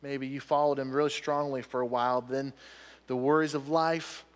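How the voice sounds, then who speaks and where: A man preaching a sermon to a congregation, telling a Bible story with animated energy and dropping to quiet appeals. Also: mid-range voice, moderate pace. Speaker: pastor. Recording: long hall reverb.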